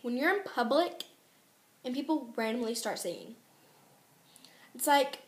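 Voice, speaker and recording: A teenage girl vlogging in a casual, exasperated rant, chatty and quick to complain. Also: high voice, animated. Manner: ranting, exasperated, fast and chatty. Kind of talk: casual chat to camera. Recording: echoey room.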